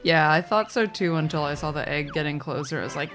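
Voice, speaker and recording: A woman's voice: low voice, a little fast, music in the background. A woman doing casual live commentary on a race, chatty and rambling, laughing often and apologizing. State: sleepy, yawning.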